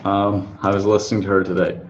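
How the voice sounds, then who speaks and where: A man's voice: low voice, completely flat delivery, quick pace. A man interviewing a guest, hesitant, with short acknowledgments and thinking aloud. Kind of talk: casual interview talk. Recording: dull lo-fi audio with faint noise.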